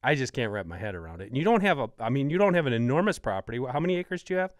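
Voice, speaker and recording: A man's voice: medium pitch, sing-song, very fast, no room sound, clean studio sound. A man with a Wisconsin accent hosting a podcast, asking questions keenly and citing numbers. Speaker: podcast host. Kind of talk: casual interview talk.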